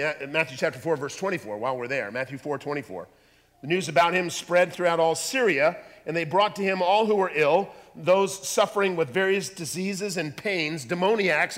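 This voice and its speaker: A man preaching a sermon, animated and acting out voices from the scripture he reads. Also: fairly high pitch. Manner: animated, acts out voices in quotes. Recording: long hall reverb.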